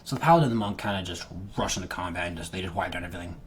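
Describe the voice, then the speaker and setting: A man's voice: sits low, animated, racing, a little hiss or hum. A man talking casually as a game master, often restarting and repeating words mid-sentence. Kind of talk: casual talk to camera.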